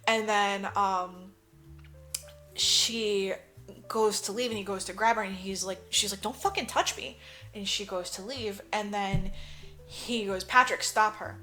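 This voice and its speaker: A bit slowly and in a steady tone, this co-host's pushed, bright, mid-range voice animatedly retells a movie on a casual podcast, acting out characters and swearing liberally. Faint music sits behind her.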